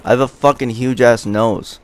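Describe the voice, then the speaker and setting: A man's voice: mid-range voice, fairly even intonation, normal speed, noisy background. A young man vlogger telling a rambling, profane, self-mocking story in casual chat.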